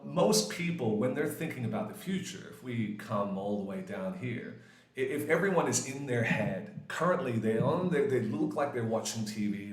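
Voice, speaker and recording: Lively, foul-mouthed man in his forties teaching. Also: mid-range voice. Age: 40s. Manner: lively, swears often, acts out quoted voices. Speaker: English grammar teacher. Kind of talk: casual classroom explanation. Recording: echoey room.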